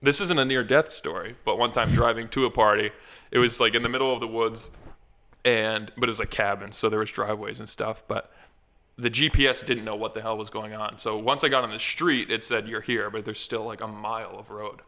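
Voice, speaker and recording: A young man co-hosting a podcast, telling rambling, animated stories in casual chat. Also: fairly low pitch, fairly quick. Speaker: podcast co-host.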